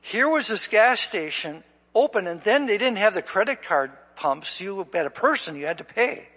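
A man's voice: high voice, lively intonation, moderate pace, pushed and bright, breathy edge. A man preaching to his church, telling a personal story in a folksy way and often repeating his words at the start of a line. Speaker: pastor. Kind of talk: storytelling sermon. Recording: dull lo-fi recording in a reverberant hall.

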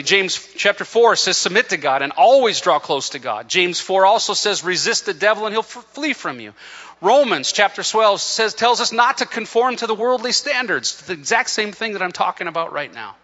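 A man preaching an impassioned sermon, often stumbling and restarting as he builds to near-shouting. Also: high voice, sing-song, fairly quick, big-room sound, dull audio. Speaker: pastor.

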